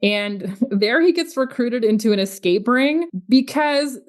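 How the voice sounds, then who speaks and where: A woman's voice: fairly high pitch, animated, unhurried. A woman co-hosting a casual film review podcast, recapping the plot and adding history asides. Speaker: podcast co-host.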